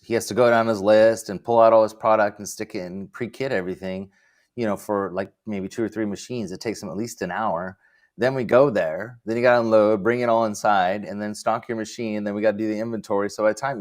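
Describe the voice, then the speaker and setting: Man, fairly low voice, relaxed rambling talk, livestream host. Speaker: livestream host, vending business owner. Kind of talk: casual livestream chat.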